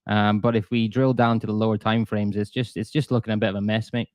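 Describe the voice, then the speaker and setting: A man's voice: lowish voice, flat delivery, fast, a little mellow, dry recording. Chatty man streaming trade talk. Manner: chatty, self-deprecating, lots of restarts. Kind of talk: live-stream trading commentary.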